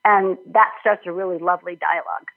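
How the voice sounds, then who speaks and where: A middle-aged woman from Minnesota, an author being interviewed on a podcast, talking warmly and enthusiastically with frequent laughter. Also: lowish voice, steady tone, brisk, gravelly. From Minnesota, United States. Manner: warm, enthusiastic, laughs often. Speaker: author and nutrition guest. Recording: tinny phone-like line.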